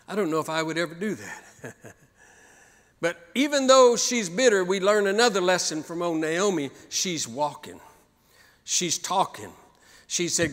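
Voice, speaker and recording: A male pastor with a high, bright, forceful voice preaches in a church sanctuary. He builds up through repeated calls and lines that climb in intensity. The sound carries a long, echoey hall reverb. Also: animated, measured pace, long pauses. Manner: preaching with rising, repeated exhortations. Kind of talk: sermon.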